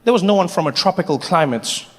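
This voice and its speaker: Animated stand-up comic in a big hall. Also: male voice, high voice, quick pace. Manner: animated, shifts into voices and shouts. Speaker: stand-up comedian. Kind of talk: live stand-up comedy. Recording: live hall reverb, audience noise.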